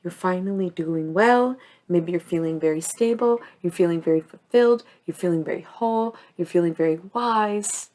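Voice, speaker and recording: A young woman giving an emotional tarot reading, gushing and tearful at times. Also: moderate pace. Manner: tearful, gushing, swings between calm and sobbing highs. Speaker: tarot reader.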